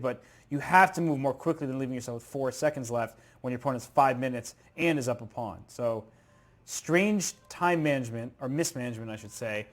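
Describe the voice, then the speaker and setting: A man commentating live chess, excitable and thinking aloud through move sequences. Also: mid-range voice.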